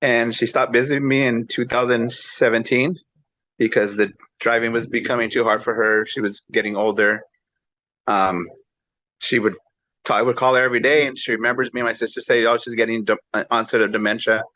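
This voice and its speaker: A man recently out of prison, talking haltingly and emotionally about his family in a support group. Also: medium pitch, fairly even intonation, bright, forceful tone, dry recording. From East Los Angeles. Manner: halting, tearful, with fillers. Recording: dull lo-fi audio.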